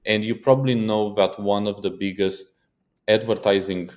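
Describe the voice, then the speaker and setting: A man co-hosting a casual podcast, telling stories in an animated way and swearing for emphasis. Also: lowish voice, moderate pace. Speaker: podcast co-host.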